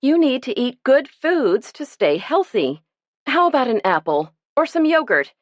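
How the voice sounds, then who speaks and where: A woman voicing a practical, wry mother who speaks briskly and reassuringly. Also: sits high, very animated, no echo, pitched above the performer's own voice. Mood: motherly.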